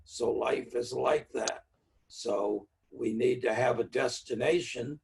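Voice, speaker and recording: Male trainer, heavy vocal fry, plainspoken teacher, recorded at a distance from the mic. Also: mid-range voice, slow, a little mellow. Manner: plainspoken teaching with everyday examples. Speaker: NLP trainer giving a talk. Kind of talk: virtual speaker-series talk.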